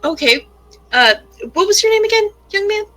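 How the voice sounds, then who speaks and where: Bright-voiced woman player, tactful. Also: extremely high pitch, expressive, moderate pace, faint music behind. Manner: polite, tactful, hesitant. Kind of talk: in-character tabletop role-play.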